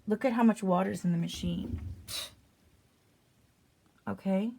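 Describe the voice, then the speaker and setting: A woman's voice: medium pitch, unhurried, vocal fry, background noise. A woman in her fifties giving a blunt, opinionated home review of an appliance, talking as she demonstrates it, recorded on an iPad in her laundry area. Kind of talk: casual product review demonstration. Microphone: iPad on a stand.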